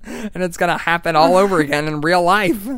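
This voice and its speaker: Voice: medium pitch, brisk, fairly bright tone, smooth, no echo. A young adult student giving a casual class presentation and reading a poem aloud, chatty and full of "like" and "um".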